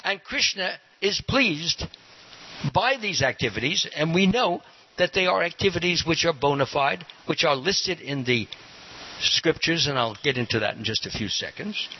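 Animated man giving a devotional lecture. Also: fairly high pitch, normal speed. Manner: animated, quizzes the audience. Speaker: spiritual teacher. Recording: dull lo-fi recording with hiss.

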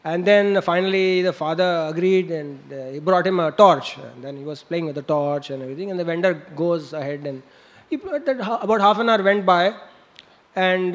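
High-voiced man telling a story. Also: moderate pace. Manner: animated storytelling with laughs and sound effects. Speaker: monk preacher. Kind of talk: storytelling sermon.

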